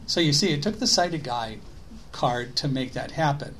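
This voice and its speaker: A middle-aged man telling a story to an audience, animated and given to rhetorical questions. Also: mid-range voice, moderate pace, a little hiss or hum. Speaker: speaker. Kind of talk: storytelling talk.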